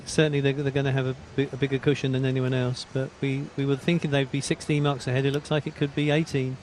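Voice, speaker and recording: A man giving expert sports commentary, explaining the technique in a steady, informed way. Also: mid-range voice, fast, slight background noise.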